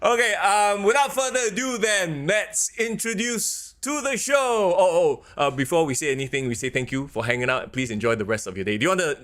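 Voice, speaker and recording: A man co-hosts a casual podcast over a video call, upbeat and joking as he plugs the show. His voice sits a little high and swings widely in pitch. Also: lively intonation, fast, few pauses, a bit bright. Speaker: podcast co-host.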